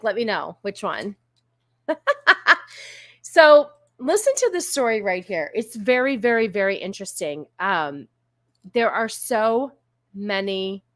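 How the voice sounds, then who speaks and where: A woman's voice: mid-range voice, a bit bright. A woman from California hosting a casual livestream, chatting with viewers in a sassy, laughing way and slipping into a valley girl voice. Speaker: livestream host. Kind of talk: casual chat with live chat viewers.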